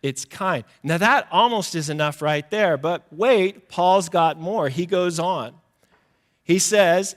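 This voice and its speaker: A man's voice: high-pitched, takes it slowly. Man preaching in a reverberant church. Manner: conversational, self-deprecating, acts out little quoted exchanges. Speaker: pastor. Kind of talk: sermon. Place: church sanctuary.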